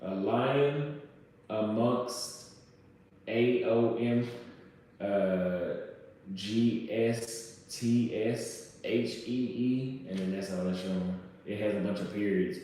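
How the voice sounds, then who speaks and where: A man from the United States casually telling a travel story, swearing and acting out shouted quotes. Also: on the low side, takes it slowly, a little hiss or hum. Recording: very echoey room, voice from far off.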